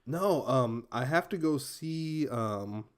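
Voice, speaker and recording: A man's voice: medium pitch, animated, slow, clean tone. A young man from Michigan co-hosting a casual podcast, swearing freely and laughing at his own stories. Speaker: podcast co-host.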